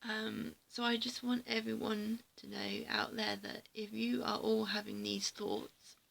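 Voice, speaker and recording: A tearful woman vlogging a heartfelt personal message on a handheld camera, speaking haltingly and often dropping into a breathy half-whisper. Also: fairly high pitch, flat delivery, a bit bright, slight background noise, rough recording. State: tearful, emotional. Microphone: handheld camera mic.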